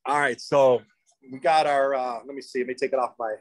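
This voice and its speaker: A man's voice: medium pitch, steady tone, a little fast. A man who owns a pizza shop, chatting casually in an interview, rambling and eager with plenty of fillers and restarts. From United States.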